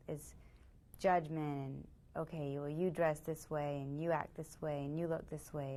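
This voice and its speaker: An actress playing a defensive, earnest teenage girl who explains herself haltingly in a role-played mediation. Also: sits low. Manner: halting, earnest, full of fillers. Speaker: young offender in mediation.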